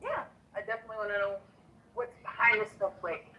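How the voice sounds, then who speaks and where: A woman's voice: medium pitch, quick pace, highs cut off, noisy background. A woman hosting a live online chat, talking casually and laughing easily with her guest. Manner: chatty, laughs easily, lively. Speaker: live stream host.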